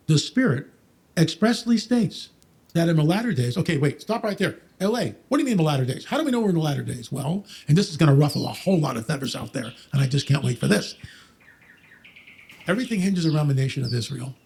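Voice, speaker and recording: A man talking quickly and emphatically about Bible prophecy on a podcast, quoting scripture and mocking skeptics. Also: a little high, sing-song, a little mellow, breathy edge. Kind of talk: fast, preachy podcast talk.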